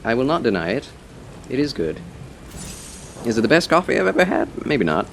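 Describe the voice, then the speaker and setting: A man streaming a game live, chatting casually and politely with his viewers, with quick laughs and muttered asides. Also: medium pitch, sing-song, gravelly, fairly bright tone, slight background noise. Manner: chatty, answers chat, playful and polite.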